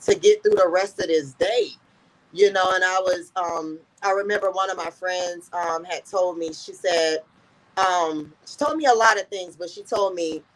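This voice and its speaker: A woman's voice: lowish voice, lively intonation, moderate pace, low-quality recording. A woman guest in an interview, earnestly telling a personal story and often repeating "I said" as she recounts conversations.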